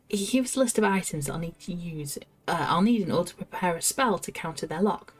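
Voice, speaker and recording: Brief: woman, game streamer, lowish voice, chatty and giggly, faint music behind. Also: lively intonation, a little fast, hardly any pauses, breathy edge. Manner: chatty, giggly, talks to herself. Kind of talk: casual gameplay commentary, reading quest text aloud.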